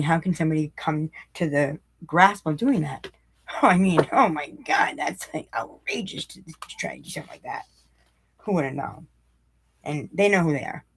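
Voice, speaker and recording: A woman reading a daily recovery meditation aloud, breaking off with blunt, sarcastic asides and slowing down to repeat lines for emphasis. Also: deep voice, slight background noise.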